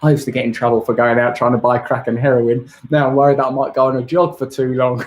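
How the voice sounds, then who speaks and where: A man's voice: mid-range voice, level tone, fast, hardly any pauses. A man, hosting a rambling, jokey live-stream Q&A. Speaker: host.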